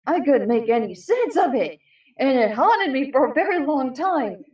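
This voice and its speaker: A young woman telling a personal story casually, halting with many fillers and restarts. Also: high voice, sing-song, a little mellow. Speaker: panel guest. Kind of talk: casual storytelling on a live stream. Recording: echoey distant mic.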